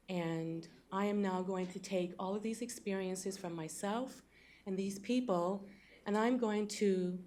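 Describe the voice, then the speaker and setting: A woman's voice: medium pitch, darkish tone. A woman sociologist giving earnest, imploring testimony at a public hearing.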